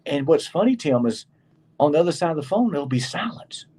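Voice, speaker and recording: A man's voice: a little high, very animated, brisk, mellow, slightly rough. A middle-aged man co-hosting a casual chat show, telling stories and acting out the people he quotes. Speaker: co-host.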